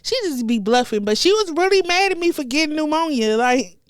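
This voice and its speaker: A woman, telling wild stories as a comedian guest, animated and profane, acting out the people she quotes. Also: high-pitched, brisk, no echo, clean studio sound. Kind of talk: casual storytelling chat.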